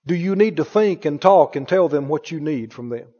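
A man with a warm tone preaches animatedly at a normal speed, his voice trailing a long reverb tail with the highs cut off. He is emphatic and repetitive, throwing rhetorical questions at his congregation and mimicking others in a higher voice.

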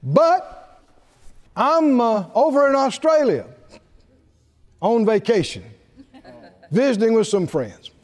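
Male preacher, high and lively voice, playful storyteller, long hall reverb. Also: slow pace, pauses often. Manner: animated storytelling, laughing at his own jokes, acting out quoted voices. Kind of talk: sermon.

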